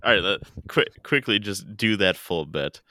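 Deep bright-voiced Midwestern podcast guy. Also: lively intonation, moderate pace, no echo. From American Midwest. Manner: laughs often, dry and teasing. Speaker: podcast co-host. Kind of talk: casual chat.

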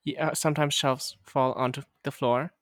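A man's voice: medium pitch, steady tone, normal speed, fairly bright tone, no echo. Dry-toned podcast guy, German native. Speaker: podcast co-host. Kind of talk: casual chat. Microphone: remote call microphone.

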